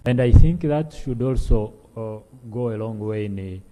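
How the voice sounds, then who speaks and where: Hesitant, dark-voiced Ugandan official. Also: male voice, fairly low pitch, unhurried. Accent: Ugandan English. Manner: hesitant, many fillers. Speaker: attorney general. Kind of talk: parliamentary reply. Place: parliament chamber. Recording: long reverb of a large chamber.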